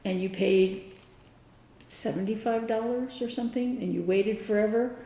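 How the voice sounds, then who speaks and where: A woman's voice: mid-range voice, moderate pace, vocal fry, dark tone. A woman co-hosting a casual podcast, telling a personal story in an earnest, explaining way. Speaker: podcast co-host. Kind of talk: casual chat. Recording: echoey room.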